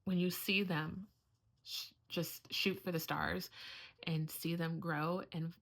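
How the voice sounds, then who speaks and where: A woman's voice: on the low side, steady tone, slow, vocal fry, a bit bright. A middle-aged woman, a homeschooling mother, talking in a heartfelt, earnest way in a casual vlog, close to tears at times.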